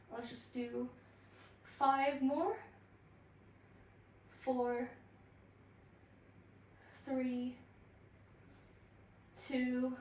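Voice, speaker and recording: Woman pilates instructor, slightly high voice, breathless, far from the mic in an echoey room with faint background noise. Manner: slow counting cues with light laughs. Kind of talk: guided workout class. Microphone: built-in device mic.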